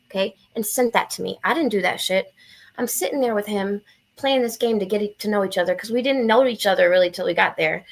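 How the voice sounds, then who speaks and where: A young woman with a gravelly, mid-pitched voice tells a wild story as a podcast guest. She talks bluntly and swears freely, and acts out what people said as she goes. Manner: profane, blunt, animated storytelling with acted-out quotes. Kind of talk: casual storytelling.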